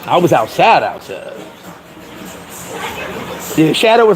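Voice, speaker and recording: A New man in his forties, a bit higher-pitched than most men, spinning loose, profane stories and laughing at his own punchlines. His voice rides over a loud crowd chattering around him. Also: unhurried, low-quality recording. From New York. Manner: animated, profane, laughing storyteller. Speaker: host. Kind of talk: casual storytelling chat.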